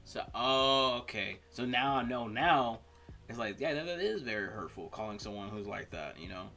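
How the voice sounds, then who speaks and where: A man hosting a reaction video, talking through personal stories in a rambling, halting way with many fillers. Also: medium pitch, expressive, bright, forceful tone, faint music behind. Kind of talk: casual reaction commentary.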